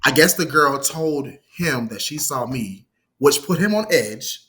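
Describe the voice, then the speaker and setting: A man's voice: medium pitch, measured pace. A man in his thirties, a guest in a casual interview, telling a story with energy and acting out what others said. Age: 30s. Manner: animated, acts out quoted dialogue, frequent "you feel me". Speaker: guest, former assistant.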